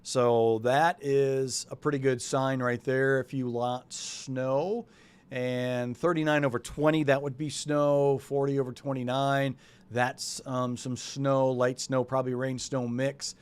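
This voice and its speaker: A man's voice: medium pitch, little pitch movement, a little slow, smooth. A man from New England hosting a weather show, talking loosely and chattily and thinking aloud as he walks through the forecast. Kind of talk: casual live weather talk.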